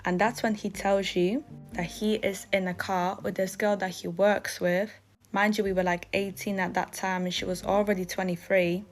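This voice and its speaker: Young woman, lowish voice, flat delivery, casual storytime, faint music behind. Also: normal speed. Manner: matter-of-fact, addresses listener as you.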